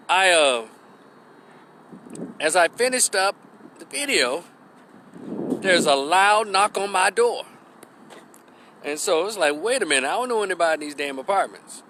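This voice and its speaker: A man telling a story on his YouTube channel in a rambling, profane, animated way. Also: medium pitch, slight background noise. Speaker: YouTube creator. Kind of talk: storytime vlog.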